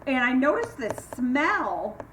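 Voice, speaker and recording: Very animated yet slow-paced, an older woman chats from home for her vlog, meandering through anecdotes and voicing other people's words with abrupt pitch leaps. Her distant mic picks up room echo and a faint hiss.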